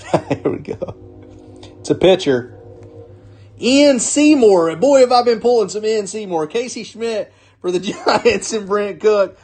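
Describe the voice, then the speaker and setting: A man's voice: high voice, a little mellow, slightly rough. Upbeat man calling out card pulls. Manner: upbeat, calls out names in quick bursts, chuckles often. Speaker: sports card break host. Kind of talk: live card-opening commentary.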